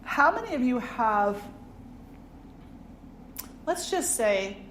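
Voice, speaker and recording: A woman's voice: fairly high pitch, big pitch swings, takes it slowly, a bit bright, a little hiss or hum. A woman, a spiritual teacher, giving a reflective, conversational satsang talk and asking her audience questions. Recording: roomy hall with faint ambience.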